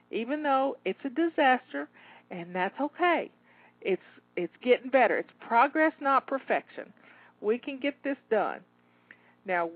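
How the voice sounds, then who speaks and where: A woman's voice: medium pitch, no room sound. A woman coaching listeners through a timed kitchen cleanup, upbeat and encouraging, a little out of breath. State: slightly out of breath. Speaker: home organizing coach. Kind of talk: live cleaning pep talk. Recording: tinny phone-like audio.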